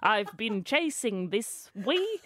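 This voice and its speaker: A woman's voice: mid-range voice, sing-song, slow, heavy background noise. A woman putting on a shaky Scottish brogue. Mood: giggly. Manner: giggling, self-conscious.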